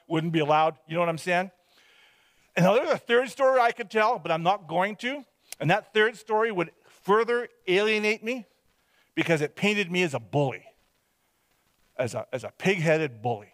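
A man's voice: a little high, no echo. A man from British Columbia giving a personal testimony as a rambling, self-deprecating storyteller. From Hope, British Columbia, Canada.

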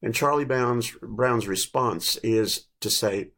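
An older man in his late sixties preaching a reflective sermon, telling stories gently with small restarts. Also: mid-range voice, slow. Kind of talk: sermon with storytelling.

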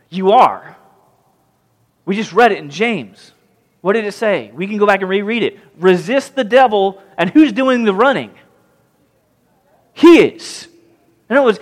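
A pastor preaching a sermon, animated and questioning his congregation. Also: high voice. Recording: long hall reverb.

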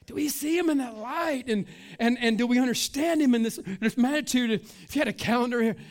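A middle-aged man preaches in a relaxed, street-casual way, peppering his lines with "man" and "listen." He sinks to near-hushed tones for weighty points, then swells louder and drags out the words he wants to land. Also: very high-pitched, fairly quick. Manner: swings between hushed and loud, stretching key words. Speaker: pastor. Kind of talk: sermon.

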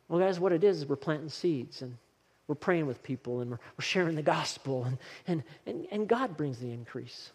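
A man's voice: a little high, animated, normal speed, husky. A male pastor preaching a sermon in a church, driving his points home with short, repeated exhortations. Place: church sanctuary. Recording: long reverb of a hall.

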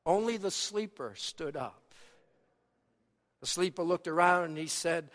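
A man preaching a sermon as a pastor, swinging between loud, emphatic lines and hushed, quiet ones. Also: a little high, lively intonation, a little slow, pauses often. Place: church sanctuary. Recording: long hall reverb.

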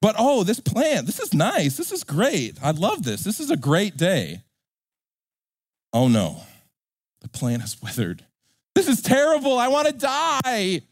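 A man's voice: medium pitch, sing-song, normal speed, a little mellow, dry recording, studio quality, lightly acted. A man voicing a sulky, self-pitying grown prophet who whines and swings from glee to despair. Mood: sulky whining.

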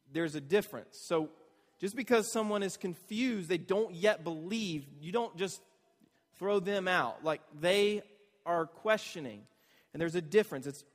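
A man preaching a conversational sermon, animated and asking the listeners rhetorical questions. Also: sits high, in a large hall. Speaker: pastor.

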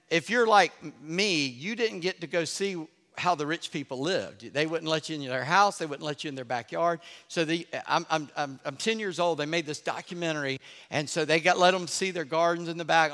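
Animated preacher in a reverberant hall. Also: male voice, fairly high pitch, normal speed. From Charleston, South Carolina. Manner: animated storytelling, drops to a hush for effect. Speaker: pastor. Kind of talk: sermon.

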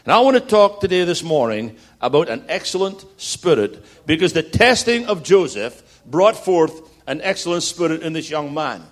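Rousing higher-voiced guest preacher man. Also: sing-song, normal speed, hardly any pauses. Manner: rousing, builds to loud repeated declarations; jokey storytelling asides. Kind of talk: sermon.

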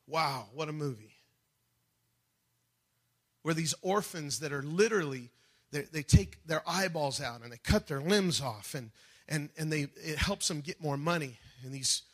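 A man preaching a sermon with passion, swinging between loud, rising peaks and soft, low drops, acting out quoted voices along the way. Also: unhurried, pauses often. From United States. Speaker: pastor.

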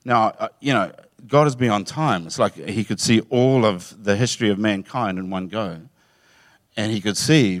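A man preaching a sermon, telling the story with animated, acted-out voices and occasional laughter. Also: fairly low pitch, moderate pace, no room sound, studio quality.

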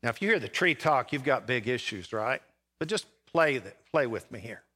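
A man pastor preaching a sermon, with dramatic pauses and big swings between loud and soft. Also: mid-range voice, expressive. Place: church sanctuary.

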